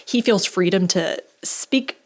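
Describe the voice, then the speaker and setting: A woman in her forties co-hosting a casual podcast conversation, an animated storyteller who acts out the people she quotes. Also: medium pitch, slow. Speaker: podcast co-host.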